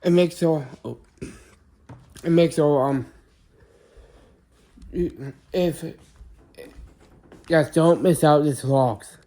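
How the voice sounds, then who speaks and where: Slow, mellow-voiced rambling male vlogger. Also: a little high. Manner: rambling, with many restarts and self-corrections. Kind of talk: casual vlog chat to camera.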